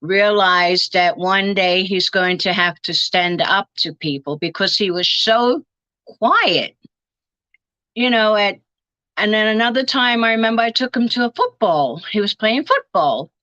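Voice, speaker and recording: Older woman, bright edgy tone, family stories, dull dry lo-fi sound. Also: medium pitch, expressive, measured pace, dry recording. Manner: storytelling, acting out quoted dialogue. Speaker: interviewee. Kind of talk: reminiscing interview.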